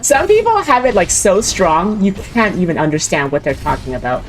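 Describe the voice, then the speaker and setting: A woman's voice: lowish voice, very animated, normal speed, faint music behind, low-quality recording. A young woman VTuber chatting while she plays a game. She rambles, giggles and mimics voices. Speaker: VTuber streamer. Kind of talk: casual chat while gaming.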